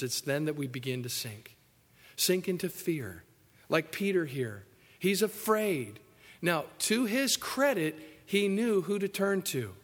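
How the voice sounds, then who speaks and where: A man preaching a sermon emphatically, swinging between loud, excited passages and hushed, soft ones. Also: fairly high pitch. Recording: echoey hall.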